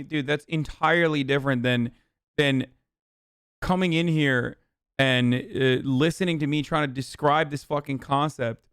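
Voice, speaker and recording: A man's voice: a little high, a bit bright, clear, resonant tone, no echo, clean studio sound. A young man hosting a live stream, ranting with profanity and exasperation at his chat. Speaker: livestream host.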